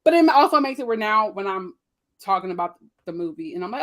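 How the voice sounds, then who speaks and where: A woman with features chatting casually on a panel, acting out what people say in lively voices. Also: on the high side, quick pace. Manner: animated, quotes people in voices.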